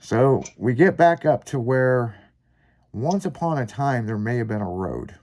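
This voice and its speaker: A man's voice: mid-range voice, expressive, measured pace, a little mellow. Profane rambling man telling a story. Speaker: podcast host. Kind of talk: casual storytelling chat.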